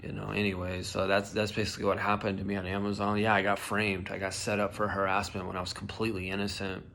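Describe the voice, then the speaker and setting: Gravelly low-voiced man, swearing and riled up. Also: flat delivery, fast talker, fairly bright tone, a little hiss or hum. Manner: heated, swears often, many likes and dudes. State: voice shaking with emotion. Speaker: vlogger. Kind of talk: casual storytelling monologue.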